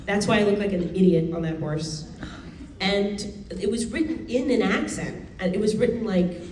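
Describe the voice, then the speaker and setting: A woman in her thirties talks freely and laughs as she answers fan questions on stage. Her voice sits at a middle pitch. It is picked up from across a roomy hall with a faint murmur of ambience. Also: moderate pace, a little mellow, distant mic, slight background noise. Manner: chatty, laughing, lots of fillers and restarts. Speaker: actor answering fan questions at a convention panel. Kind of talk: casual panel Q&A. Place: convention hall.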